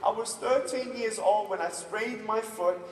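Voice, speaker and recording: A motivational speaker in his thirties with an Australian accent, who gives a lively stage speech, acts out scenes and calls on the audience to answer. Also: high-pitched, measured pace, a little hiss or hum. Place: large conference hall. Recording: distant, echoey hall recording.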